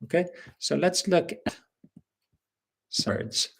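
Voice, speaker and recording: Male teacher, husky voice, slow and patient, quizzing an online class. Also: sits high, fairly even intonation. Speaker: English teacher. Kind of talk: live webinar lesson.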